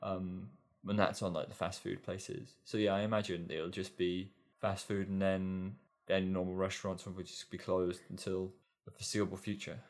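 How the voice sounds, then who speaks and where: A man's voice: sits low, little pitch movement, moderate pace, few pauses, darkish tone. A man co-hosting a podcast, chatting casually and musing in a hesitant way that repeats words. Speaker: podcast co-host. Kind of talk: casual chat.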